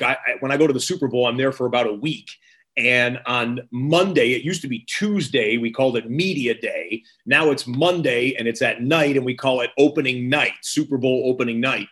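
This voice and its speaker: Male sports TV host, energetic storyteller, casual interview. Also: medium pitch. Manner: energetic storyteller, quotes others in lively voices.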